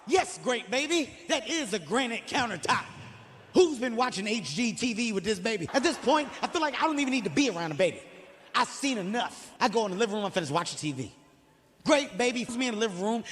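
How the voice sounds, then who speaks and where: Brief: male stand-up comic, high voice, rapid profane storytelling, live hall reverb. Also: a little hiss or hum. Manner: animated, profane storytelling with acted-out quotes. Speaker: stand-up comedian. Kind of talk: stand-up comedy. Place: theater stage before an audience.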